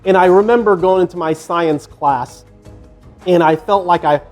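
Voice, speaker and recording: A man's voice: high voice, moderate pace, darkish tone, faint music behind. An older man telling a personal story casually, rambling and swearing freely, with many fillers and restarts. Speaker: fitness vlogger.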